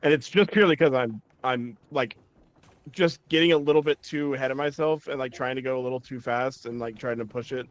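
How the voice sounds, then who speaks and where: A man's voice: mid-range voice, a little fast, dull audio. A man commentating a speedrun race in a rambling, self-mocking way. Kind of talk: casual game commentary.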